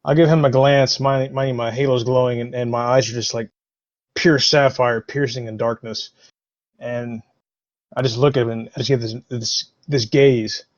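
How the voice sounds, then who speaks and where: A man's voice: medium pitch, steady tone, moderate pace, no echo, lo-fi sound. A man playing a tabletop game, eagerly describing his character's actions in dramatic terms. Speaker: player.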